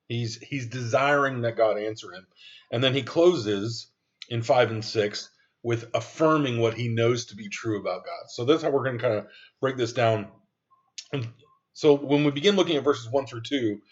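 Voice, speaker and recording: A man's voice: medium pitch, highs cut off. A man preaching a sermon as pastor, reading scripture aloud in an earnest way with some restarts.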